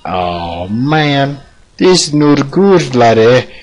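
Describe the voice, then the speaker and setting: A man voicing a high, whiny male underling soldier who keeps anxiously questioning his commander. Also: big pitch swings, very slow, lo-fi sound.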